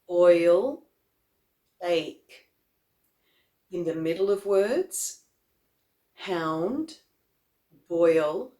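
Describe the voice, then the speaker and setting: A woman vocal coach explaining pronunciation, demonstrating example words slowly one at a time. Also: on the low side, darkish tone, roomy sound. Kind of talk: instructional explanation.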